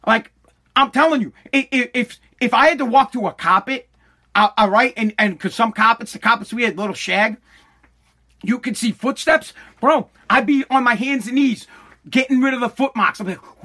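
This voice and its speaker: Man, middle-aged, unusually high voice, profane, animated, self-interrupting. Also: normal speed. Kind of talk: casual profane storytelling rant.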